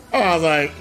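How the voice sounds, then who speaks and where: A man chatting casually on a gaming live stream, telling stories in an animated way and laughing often. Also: very high voice. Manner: animated storytelling with frequent laughs.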